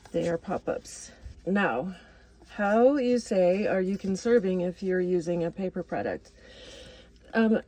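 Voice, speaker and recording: This casual cooking vlog features a woman with a warm, mid-range voice, chatting away as she cooks in a motorhome kitchen. She rambles and laughs at her own mistakes, and the recording quality is low.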